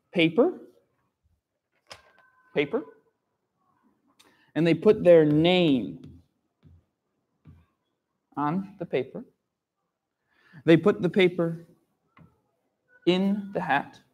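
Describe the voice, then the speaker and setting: A man telling a children's story at a slow, patient pace. He repeats key words, spells some out letter by letter and keeps checking that his listeners follow. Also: on the high side, darkish tone. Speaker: storyteller for young learners. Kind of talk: simple storytelling lesson.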